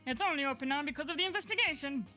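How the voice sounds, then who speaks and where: Woman voicing a zealous, loud detective. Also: rapid-fire, faint music behind. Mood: earnest. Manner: booming, self-righteous declarations. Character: zealous male police detective, loud and earnest. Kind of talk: fan voice acting of a game.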